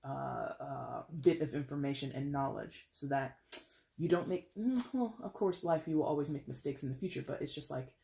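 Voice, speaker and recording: A woman's voice: low-pitched, gravelly, mellow, slight background noise. A woman giving a casual tarot reading, talking in a chatty, rambling way with playful asides and lots of filler words. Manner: chatty and rambling, full of "you know" and "like"; playful asides and quick laughs. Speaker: tarot reader.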